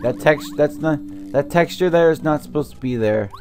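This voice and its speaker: Young guy swearing thru a let's play, kinda high voice, sore throat, quiet game music behind. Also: normal speed. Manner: angry ranting, swearing. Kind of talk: gameplay commentary.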